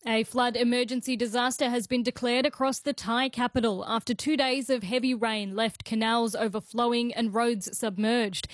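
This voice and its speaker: A woman reading a radio news bulletin in a measured, formal way. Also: fairly high pitch, no echo. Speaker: newsreader.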